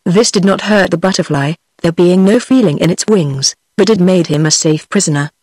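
A text-to-speech woman's voice with a British English accent, reading a fairy tale aloud in a steady, even audiobook manner. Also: on the low side, normal speed, no room sound. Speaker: audiobook narrator. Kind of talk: synthetic audiobook narration.

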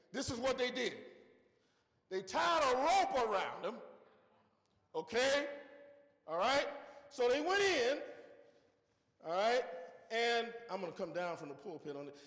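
High-voiced preacher in an echoey church. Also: male voice, a bit bright. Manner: folksy storytelling with frequent "okay?" check-ins. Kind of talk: sermon. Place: church sanctuary.

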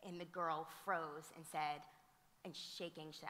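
Female panelist, bright tense voice, animated storyteller, long reverb from the museum auditorium. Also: deep voice, measured pace. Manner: animated, frequent fillers and restarts. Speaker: teacher and theater director speaking on a panel. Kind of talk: conversational storytelling at a conference. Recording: reverberant hall sound.

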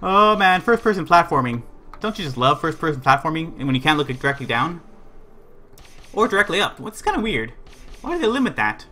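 A man's voice: fairly high pitch, sing-song, fairly quick, pauses often, sharp tone, a little hiss or hum. A man livestreaming a video game, giving rambling play-by-play commentary to himself and his chat. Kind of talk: live gameplay commentary.

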